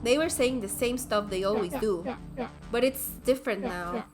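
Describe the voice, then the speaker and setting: A woman voicing a bitter, cursed young male monster in a game, speaking low and muffled with resentment. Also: moderate pace, music in the background, natural voice. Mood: anxious. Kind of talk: reading game dialogue aloud.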